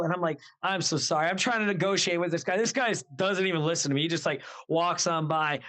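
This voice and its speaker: A man's voice: high voice, quick pace, hardly any pauses. A man co-hosting a podcast, telling a party story in casual chat and acting out the voices of the people in it. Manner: animated, acts out quoted voices. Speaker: podcast co-host.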